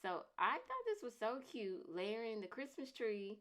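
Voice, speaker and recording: A woman in her thirties, chatting casually to camera as a vlogger, talking in an emphatic way and repeating her points forcefully. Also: fairly high pitch, sing-song, measured pace, a little hiss or hum.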